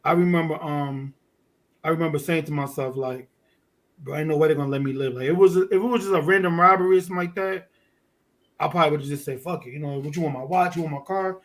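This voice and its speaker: Animated New man telling a story. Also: a little high, quick pace. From Fort Greene, Brooklyn. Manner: animated, profane street storytelling. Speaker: guest. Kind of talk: casual storytelling.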